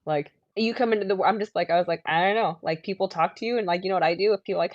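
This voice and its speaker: A woman's voice: medium pitch, very fast, few pauses, no echo. Chatty woman with a muffled voice. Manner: rambling storyteller, acts out quotes in lively voices. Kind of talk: casual chat.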